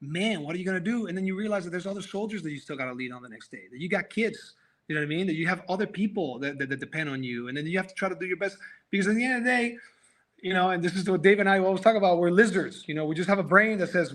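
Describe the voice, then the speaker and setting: In a high, expressive voice that races along with a fairly bright tone, a man who used to play offensive tackle chats as a podcast guest over a video call. The conversation is casual, but he muses philosophically about life and restarts often.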